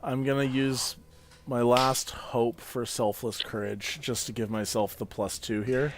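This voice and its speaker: Player, male, mid-pitched, slow and soft-spoken. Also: fairly even intonation. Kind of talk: tabletop game play.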